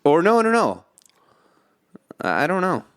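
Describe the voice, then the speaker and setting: A man's voice: high voice, wildly swooping pitch, a little slow, a bit bright, clear, resonant tone. A man co-hosting a podcast in casual chat, rambling and laughing, often slipping into movie lines. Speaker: podcast co-host. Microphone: remote call.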